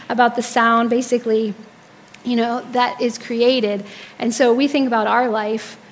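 A woman's voice: a little high, slight background noise. A woman in her thirties preaching a sermon to a congregation, telling personal stories and acting out the quotes with animation. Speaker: speaker at church service.

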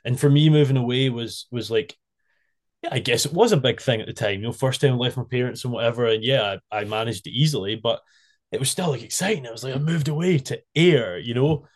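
A man hosting a casual podcast, telling stories in an animated way and laughing a lot. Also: medium pitch, quick pace. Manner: animated storyteller, laughs a lot, loose phrasing. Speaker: podcast host. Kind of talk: casual chat.

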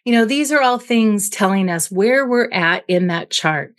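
A clinical psychologist, interviewed as a guest, speaks in an expressive mid-range voice at a measured pace. She relies on everyday analogies to explain emotions, frequently punctuating points with "right?"

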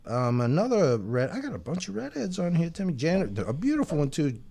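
Lively, playful man hosting a chat show. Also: on the high side, creaky. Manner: playful, teasing, drawn-out name shout-outs. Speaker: podcast co-host. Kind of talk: casual chat.

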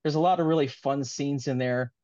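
A man's voice: mid-range voice, brisk, dark tone, dry recording, dull audio. A man being interviewed as an author, talking in an earnest, rambling, heartfelt way in casual conversation.

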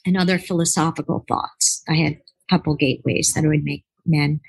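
Husky, low-pitched woman telling a rambling story. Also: a little fast, dry recording, poor audio. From United States. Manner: rambling, animated, acts out quoted voices. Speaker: author and relationship expert, podcast guest. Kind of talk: casual interview storytelling.

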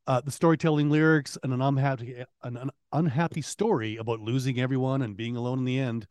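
A man's voice: mid-range voice, fairly even intonation, quick pace, darkish tone, no echo, clean studio sound. A man co-hosting a podcast in easygoing chat, laughing off his own slip-ups. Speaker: podcast co-host. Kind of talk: casual chat.

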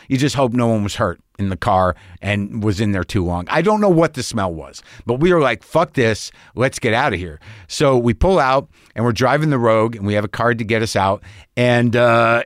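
Older man, storytelling podcast host, animated, exasperated, profane, dry close mic. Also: medium pitch, dry recording. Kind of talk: casual storytelling monologue.

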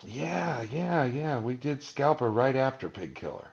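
The muffled recording carries a creaky mid-range voice at a measured pace: an interview guest from Malibu, California. He spins casual stories with animation, performing the voices of whoever he quotes.

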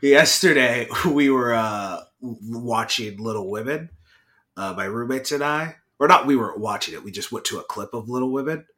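A man's voice: medium pitch, normal speed, sharp tone. A young man co-hosting a podcast in casual chat, playful and giggly, teasing his co-host.

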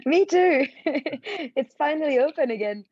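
A woman's voice: sits high, expressive, a little slow, darkish tone. A woman joining a casual radio chat as a guest, talking in a cheerful, friendly way. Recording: dull lo-fi line.

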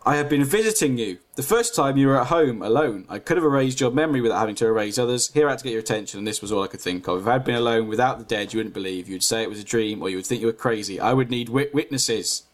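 A man's voice: mid-range voice, fast talker, hardly any pauses, voice pushed down, lightly acted. A man voicing Death as an ancient, irritable male skull creature with a grating, weary voice. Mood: annoyed. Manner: weary, annoyed, clipped.

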